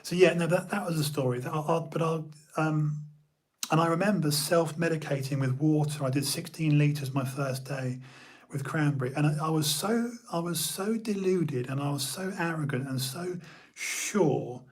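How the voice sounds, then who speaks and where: A man recounts a story from his own life in a loose, earnest way, doubling back on his words as he goes. His voice sits a little higher than most men's and carries a husky, slightly rough edge. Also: normal speed. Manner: earnest, repeats himself, says "brother". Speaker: podcast guest. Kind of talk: casual storytelling.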